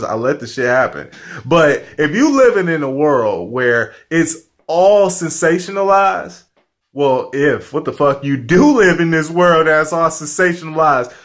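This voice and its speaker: Candid rambling man with a higher voice. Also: fairly bright tone. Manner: rambling and candid, heavy on "like" fillers and profanity. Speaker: vlogger. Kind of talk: casual chat to camera. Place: home studio.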